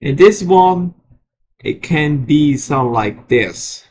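A man presenting his alarm sirens in a casual show-and-tell vlog, often halting and restarting his sentences. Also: on the high side, lively intonation, a little mellow, breathy edge. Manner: halting, frequent restarts and repeated words. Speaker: vlogger showing alarm sirens.

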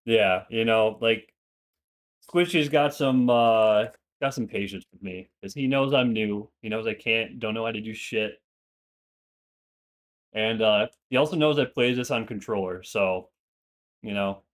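A man's voice: lowish voice, unhurried. A young man with a slight Minnesotan accent, a streamer and former Marine, chatting loosely and profanely while playing a game. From Minnesota, USA. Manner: loose, rambling, profane banter. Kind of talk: casual gaming chat on stream.

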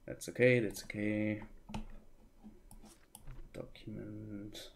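Gravelly slow-talking man muttering at a game. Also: on the low side, animated, a little mellow. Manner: thinks aloud, muttering and exclaiming in frustration. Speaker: streamer. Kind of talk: live gameplay commentary.

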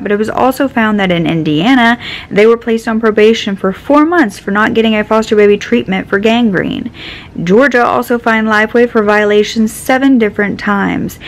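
A woman narrating a true crime story in a steady, explanatory way. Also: medium pitch, low-quality recording.

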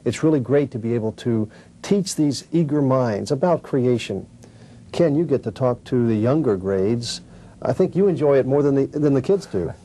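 Mellow-voiced male co-host. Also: medium pitch, lively intonation, moderate pace, poor audio. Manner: friendly, leading the conversation with questions. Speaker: lecturer and co-host. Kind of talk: conversational TV discussion.

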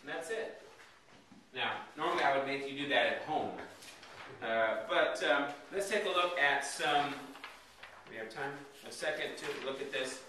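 A Hebrew teacher leads a class, putting questions to his students and asking "okay?" after each point to check they follow. His mid-range voice is pushed and bright, a little slow, with a faint hiss or hum. He's recorded from a distance in an echoey room.

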